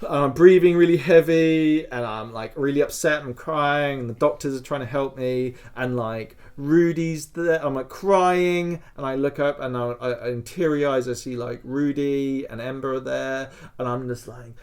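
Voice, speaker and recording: A man co-hosting a casual podcast, telling a long story in an animated way with many fillers and restarts. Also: medium pitch, normal speed, few pauses. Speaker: podcast co-host. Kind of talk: casual podcast chat, recounting a LARP.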